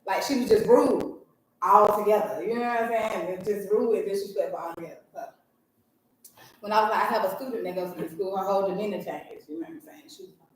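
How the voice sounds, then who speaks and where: A woman's voice: fairly quick, a little hiss or hum. A woman co-hosting a podcast, telling a story in casual chat and acting out the people she quotes. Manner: animated, acts out quoted people in a higher voice. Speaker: podcast co-host. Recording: echoey room, mic far off.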